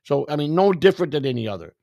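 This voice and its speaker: Gravelly man telling a story. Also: on the high side, sing-song, very fast, warm tone, dry recording, highs cut off. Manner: profane, acts out the dialogue of others. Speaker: storyteller telling his own past. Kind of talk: casual sit-down storytelling. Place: indoors, sit-down set.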